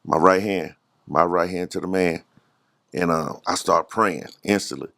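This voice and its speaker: Middle-aged man, very deep gravelly voice, earnest testimony, interview guest. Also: steady tone, measured pace, a bit bright. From Dallas, Texas. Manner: earnest storyteller who reenacts his own prayers.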